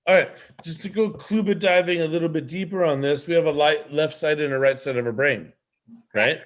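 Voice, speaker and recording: A man hosting a live online show as a leadership coach, teaching in an animated way with many rhetorical questions over a video call. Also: a little high, fairly quick.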